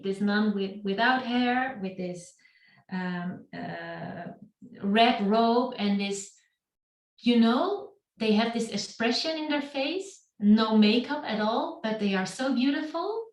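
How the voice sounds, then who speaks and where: A middle-aged woman, speaking on a video call, giving a reflective talk about her own life to a meetup. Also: fairly high pitch. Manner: slow, reflective storytelling. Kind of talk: personal storytelling talk. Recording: roomy and distant from the mic.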